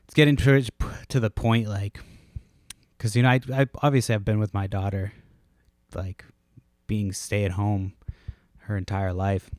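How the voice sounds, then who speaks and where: Podcast host, male, low voice, dry close sound, rambling and profane, casual at-home delivery. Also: fairly even intonation, measured pace, long pauses, a little mellow, no echo. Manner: rambling, profane, laid-back storytelling.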